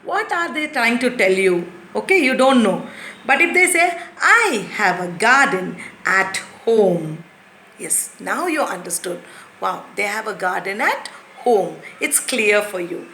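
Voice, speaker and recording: A woman teacher giving a lesson to young children, explaining patiently and repeating things slowly. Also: mid-range voice, big pitch swings, fairly bright tone, a little hiss or hum. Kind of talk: recorded classroom lesson. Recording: echoey room.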